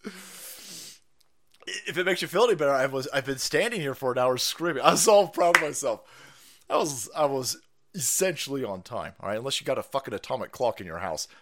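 A man's voice: mid-range voice, expressive, fairly quick, fairly bright tone. A man hosting a livestream, ranting through profane political commentary and laughing often. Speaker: livestream host.

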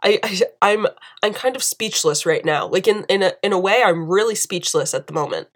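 Speaking briskly in a mid-range voice, a young woman from the US gives fired-up, indignant video commentary, hammering her points home by repeating phrases.

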